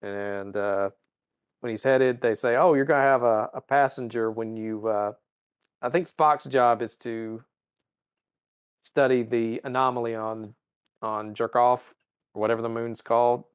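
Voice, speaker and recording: A man co-hosting a podcast, casually recapping a show and acting out the characters in quick voices. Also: mid-range voice, fairly even intonation, smooth, no room sound, studio quality. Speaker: podcast co-host. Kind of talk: casual chat recapping an episode.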